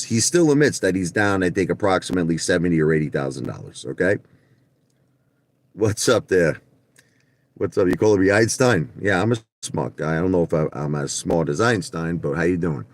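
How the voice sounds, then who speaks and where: A man hosting a casual livestream about stocks, brash and profane, repeating himself, recorded at home. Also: low-pitched. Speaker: livestream host on stock trading.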